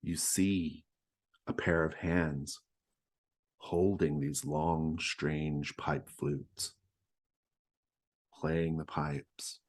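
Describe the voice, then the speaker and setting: A man narrating a tabletop horror game as game master, describing scenes in a measured way. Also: rumbling low, steady tone, darkish tone.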